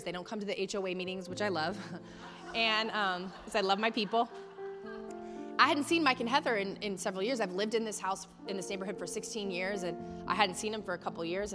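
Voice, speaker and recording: Texan woman preaching in a reverberant hall. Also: mid-range voice. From Texas. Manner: storytelling, animated, folksy asides. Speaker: guest preacher. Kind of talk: sermon. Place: church sanctuary. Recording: large hall with long reverb, music behind.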